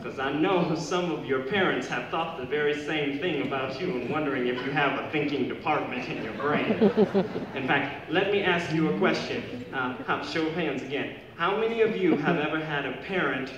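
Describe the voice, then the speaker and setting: A middle-aged man giving a playful, humorous speech to a school audience, rising high when he stresses a point. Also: normal speed, highs cut off, a crowd in the background. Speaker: speaker addressing students. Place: large hall or gym. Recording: echoey hall from far off with room noise.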